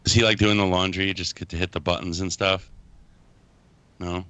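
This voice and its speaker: A man's voice: deep voice, level tone, moderate pace, bright, forceful tone, smooth, dry recording. A man hosting a podcast in casual chat, giggling and teasing his co-hosts. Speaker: podcast host.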